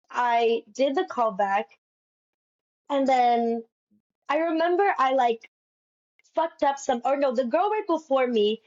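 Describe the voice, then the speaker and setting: A woman's voice: fairly high pitch, lo-fi sound. A young adult woman, a stage actress as guest, telling a story in a casual interview and acting out the dialogue. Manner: lively storyteller, acts out quoted dialogue.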